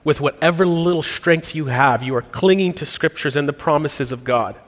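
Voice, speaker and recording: A man preaching a sermon, earnest and reflective, pausing and restarting as he works through a psalm. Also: a little high. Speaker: pastor. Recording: long reverb of a large hall.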